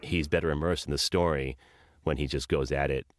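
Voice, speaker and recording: A man hosting a podcast, also an audiobook narrator, telling stories in an animated, self-mocking way. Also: a bass voice, brisk, no room sound, clean studio sound. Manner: animated storyteller, laughs at himself. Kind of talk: casual interview chat.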